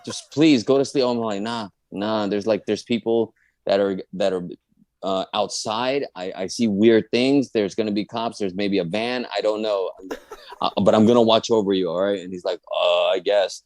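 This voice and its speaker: Lower-voiced man telling a funny story. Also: moderate pace, no echo. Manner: animated, acts out friends' voices. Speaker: guest comedian telling a story. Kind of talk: comic personal storytelling.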